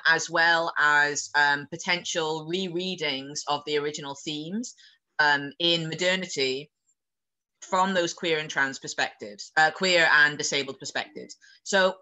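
A man giving a casual online lecture as a guest speaker, hesitating often and filling pauses with "um" and "like". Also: on the high side, bright, forceful tone, poor audio. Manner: hesitant, frequent "um" and "like".

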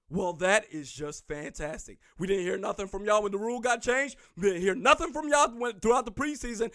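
A man hosting a sports podcast, ranting sarcastically about rival fans and referee calls, now and then shouting. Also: sits high, brisk, few pauses, dry recording, clean studio sound.

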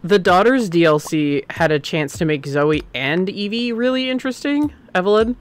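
A man streaming a game, chatting casually and opinionated, swinging between excited outbursts and muttering. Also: high voice, moderate pace, clear, resonant tone. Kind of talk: casual gameplay commentary.

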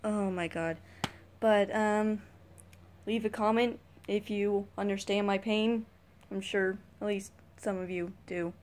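A woman's voice: mid-range voice, steady tone, slow pace, darkish tone, a little hiss or hum. A teenage girl vlogging a casual rant to camera, rambling and sighing as she complains. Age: teens. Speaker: YouTube vlogger.

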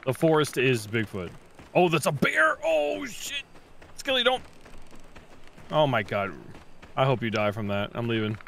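Lively, excitable man gaming with friends. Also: mid-range voice, normal speed, slight background noise. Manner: excitable, joking. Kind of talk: casual gaming banter.

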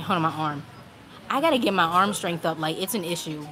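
A woman's voice: fairly low pitch, a little fast, noisy background. A woman livestreaming from an outdoor restaurant patio, chatting casually and rambling, a little out of breath, speaking into a handheld phone mic. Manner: chatty, rambling, laughs often. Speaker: vlogger. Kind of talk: casual live-stream chat. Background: crowd of people.

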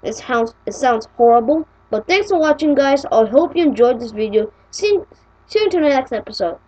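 Excitable high-voiced woman vlogger. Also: dull audio. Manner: excitable, complaining, quick to get annoyed. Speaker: channel creator. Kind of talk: casual cartoon video narration.

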